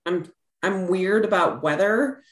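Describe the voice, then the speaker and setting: Low-voiced woman chatting sports. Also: slow, echoey room. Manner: chatty, rambling with fillers. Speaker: podcast co-host. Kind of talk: casual sports chat.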